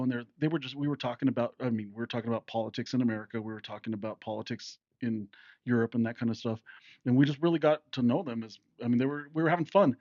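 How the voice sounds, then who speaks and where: A man's voice: mid-range voice, a little mellow, no echo. A middle-aged man with a mid-range voice chats casually on a podcast, chuckling and jumping in with his own side of the story. The sound is dry and a little dull. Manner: chuckling, chatty interjections. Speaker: podcast co-host. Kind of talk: casual chat.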